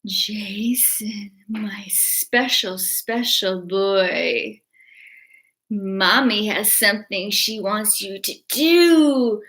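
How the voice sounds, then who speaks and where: A woman imitating a creepy ghostly mother coaxing her son in a slow, hushed, put-on British accent. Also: mid-range voice. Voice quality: hushed, whispery.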